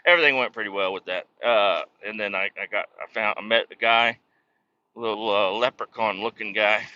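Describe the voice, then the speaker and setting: A man talks in a sharp, forceful voice that has a hard edge. He is a truck driver telling a loose, swearing story as he drives. The recording sounds slightly muffled and lo-fi. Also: fairly low pitch, fairly quick, no room sound. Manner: profane, ranting storyteller. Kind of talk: casual rambling monologue.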